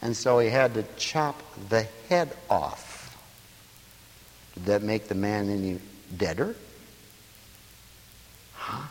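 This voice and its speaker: A man preaching a sermon, telling stories in an animated way and swinging between loud passages and hushed ones. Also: on the low side, slow, pauses often, big-room sound, slight background noise, poor audio.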